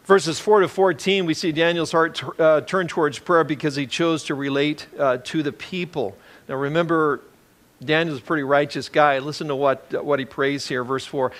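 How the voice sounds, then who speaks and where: Pastor type, male, slightly high voice, loose off-the-cuff preaching with lots of uhs and restarts. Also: moderate pace. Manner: relaxed, rambling, many fillers and restarts. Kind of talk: conversational sermon.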